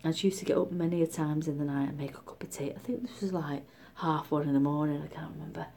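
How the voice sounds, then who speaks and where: Woman, middle-aged, casual storytelling, low-pitched, animated, whispery asides. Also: quick pace, vocal fry. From Britain. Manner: chatty, animated, often drops to a whisper. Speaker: vlogger.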